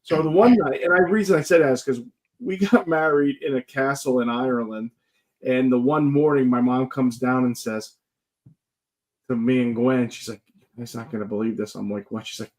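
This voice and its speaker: A man's voice: medium pitch, steady tone, moderate pace. Casual man, joking guest storyteller, rambling, filler-heavy chat. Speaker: guest paranormal investigator.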